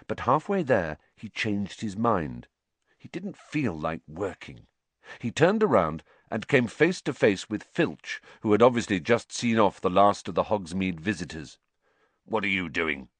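A man narrating an audiobook in an expressive storytelling manner. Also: fairly low pitch, no echo. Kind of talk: scripted narration.

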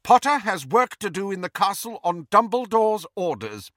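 A man's voice: sits high, very animated, normal speed, sharp tone, dry recording, clean studio sound, voice pushed up, full character voice. A man playing a stern older witch in command. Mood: firm. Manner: clipped, authoritative.

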